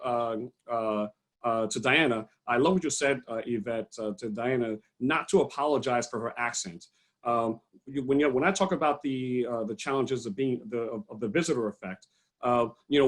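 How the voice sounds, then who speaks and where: A middle-aged man giving a halting talk with many fillers and restarts, speaking on a video call. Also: mid-range voice. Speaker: panel speaker. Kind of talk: online panel talk.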